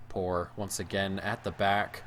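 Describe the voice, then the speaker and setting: A man giving live play-by-play of his own football video game match, moving between excited shouts at goals and low, gloomy muttering at mistakes. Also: a little slow, a little hiss or hum. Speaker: gaming YouTuber.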